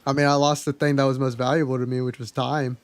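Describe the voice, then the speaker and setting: A man's voice: mid-range voice, flat delivery, fast, dry recording. A young man streaming live, telling stories from his life in a chatty, candid way and swearing freely. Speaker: livestreamer. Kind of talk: casual storytelling to a live chat.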